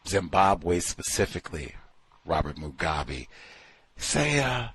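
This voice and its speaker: A man casually talking through a book he is reading, animated and full of rhetorical questions. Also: medium pitch, moderate pace, breathy edge. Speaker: book commentator. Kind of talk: casual spoken book review.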